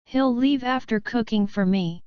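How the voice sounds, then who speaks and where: A woman voicing a frightened young woman who pleads desperately, in a slow, very clear voice. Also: fairly high pitch, dry recording, dull audio, natural voice. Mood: defensive.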